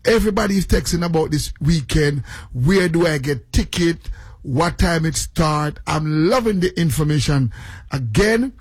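Middle-aged man, husky and a touch high, fast excited radio host who repeats himself, dry close studio mic. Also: no room sound. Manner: excitable, rapid, repeats phrases. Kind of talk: excited morning radio chat.

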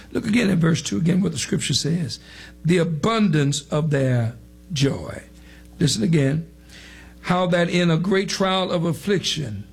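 Gravelly high-voiced preacher. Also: male voice. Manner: preaching with rising emphatic cadence. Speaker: pastor. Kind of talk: sermon.

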